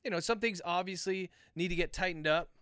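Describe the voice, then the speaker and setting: Bright, crisp-voiced man dictating a novel. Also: sits high, brisk, no room sound, studio quality, faint music behind. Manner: dictates prose aloud, speaking punctuation marks; relaxed, chatty asides to viewers. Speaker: author.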